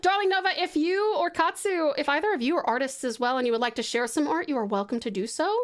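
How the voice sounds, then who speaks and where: A woman's voice: high voice, fast talker. A woman from Tasmania with an Australian accent, chatting casually on a live stream. She is bubbly and affectionate, swears freely, laughs often, and rambles while sketching.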